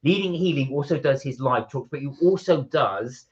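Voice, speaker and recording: A man's voice: mid-range voice, expressive, normal speed. A man co-hosting a casual live chat from home, rambling as he greets viewers by name and reads out their comments. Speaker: co-host of a live chat stream. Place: at home indoors. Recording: slightly dull lo-fi stream audio.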